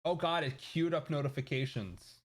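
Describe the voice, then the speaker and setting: A man's voice: on the high side, animated, normal speed. A man streaming a video game, chatting casually and cracking jokes about what happens on screen. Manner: joking, chatty, self-deprecating. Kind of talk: casual gameplay commentary. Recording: game music playing clearly behind. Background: game music.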